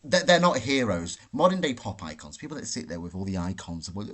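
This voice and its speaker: A man's voice: on the low side, very animated, brisk, few pauses, fairly bright tone. A man hosting a live Q&A stream from a hotel room, answering chat questions in a brash, profane, ranting way. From Britain. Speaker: livestream host.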